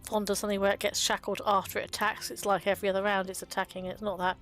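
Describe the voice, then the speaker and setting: A woman's voice: mid-range voice, little pitch movement, rapid-fire, a bit bright, soft background music. A woman hosting a video about card game art, talking casually and fondly with frequent ums and little laughs. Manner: chatty and fond, with frequent ums and small laughs.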